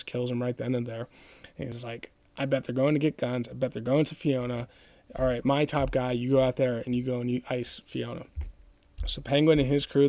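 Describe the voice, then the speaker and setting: A man's voice: mid-range voice, dark tone, no room sound. A male podcast host retelling a comic book plot in a loose, rambling way, with many fillers. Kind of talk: casual plot recap.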